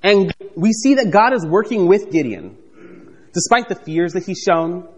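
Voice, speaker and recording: A man preaching a conversational, animated sermon, reading scripture and acting out the characters with playful asides. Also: sits high, measured pace, big-room sound. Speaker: pastor.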